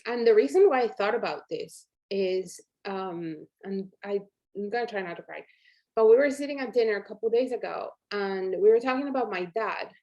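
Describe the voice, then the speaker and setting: A woman's voice: medium pitch, animated, normal speed, few pauses, mellow, highs cut off. A woman, hosting a live-streamed coaching workshop in a chatty, upbeat, encouraging way and talking straight to her viewers. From Colombia. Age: 40s. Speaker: workshop host.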